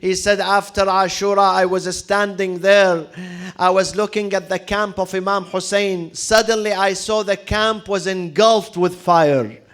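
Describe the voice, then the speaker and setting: A male preacher telling a story in a mourning sermon, dramatic and building to loud lamenting cries, with recited Arabic mixed into his English. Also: high voice, steady tone, a little slow, clear, resonant tone.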